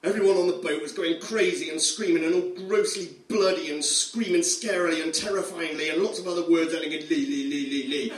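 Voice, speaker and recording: A man's voice: a little high, steady tone, brisk, hardly any pauses. A man reading a comic horror story aloud, amused and chuckling often. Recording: roomy room, distant mic.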